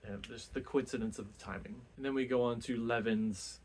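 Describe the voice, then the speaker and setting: A man's voice: mid-range voice, steady tone, brisk, darkish tone, a little hiss or hum. A man casually talking through a book he read, rambling with many restarts and fillers. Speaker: book reviewer.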